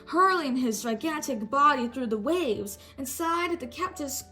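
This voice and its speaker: A woman's voice: sits high, lively intonation, unhurried, bright, forceful tone, soft background music, low-quality recording. A woman reading a picture book aloud with a sore throat, often stumbling and rereading words. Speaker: storybook reader.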